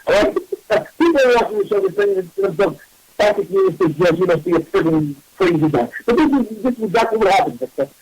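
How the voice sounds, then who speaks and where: A man, a psychic medium hosting a radio show, telling a story in a casual, animated and self-mocking way. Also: high-pitched, quick pace, slightly rough, dry recording, poor audio.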